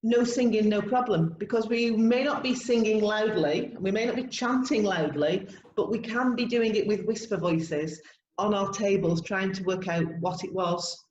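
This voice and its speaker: A woman co-hosting a podcast, explaining classroom teaching ideas in a steady, encouraging way. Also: mid-range voice, moderate pace. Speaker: podcast co-host, language teacher. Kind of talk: casual podcast discussion. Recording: echoey room, dull sound, faint noise.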